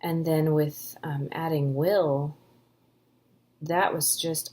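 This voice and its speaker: A woman author in her thirties from the Pacific Northwest, answering questions in a chatty, enthusiastic way with many ums and breathy words that trail off. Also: deep voice, fairly even intonation, takes it slowly, long pauses, darkish tone. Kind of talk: casual Q&A answers.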